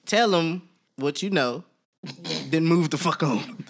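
A woman co-hosting a casual podcast, quick to react and often laughing. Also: sits low, animated. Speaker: podcast co-host.

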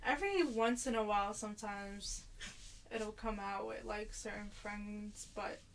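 A woman who grew up in Baltimore, chatting casually on a podcast, giggly and trailing off softly. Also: medium pitch, measured pace, vocal fry, a little hiss or hum, rough recording. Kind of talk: casual chat.

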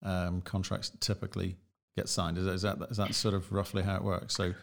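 A male host with a lowish, gravelly voice leads a relaxed conversational interview. He talks in a chatty way, corrects himself mid-sentence, and fills pauses with ums. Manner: chatty, self-correcting, many fillers.

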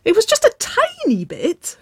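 A narrator voicing a playful, giggly young woman in love, who squeals high and breathless when teasing. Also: huge pitch swings, a little slow, a bit bright, no echo, clean studio sound, full character voice. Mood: squealing.

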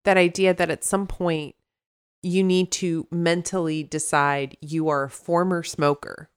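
A woman's voice: on the low side, steady tone, unhurried, clean tone. A woman therapist co-hosting a casual podcast chat, rambling into tangents and laughing often.

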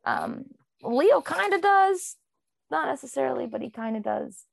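A woman's voice: sits high, sing-song, measured pace, creaky, no room sound. A woman co-hosting a podcast, chatting casually about a book, rambling with many fillers. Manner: rambling, full of "um" and "like". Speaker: podcast co-host.

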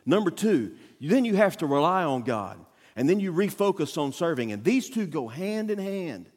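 A man preaching a sermon as a guest pastor, telling a story with acted-out quotes and sudden loud bursts. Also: a little high, sing-song, normal speed, in a large hall. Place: church auditorium.

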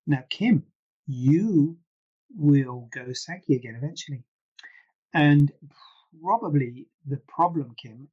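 A man's voice: fairly high pitch, a little mellow, breathy edge, lo-fi sound. A man, a plastic surgeon, answering viewer questions in a casual, rambling live Q&A with frequent asides. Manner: chatty, rambling, self-deprecating asides.

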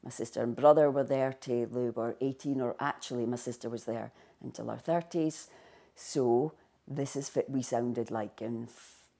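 A woman with a North East Scots accent speaks in an interview, her voice very low in pitch. Her tone is dark and mellow, and she shifts between standard speech and broad Scots as she talks. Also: steady tone, normal speed, vocal fry. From North East Scotland. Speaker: linguistics lecturer. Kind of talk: interview talk.

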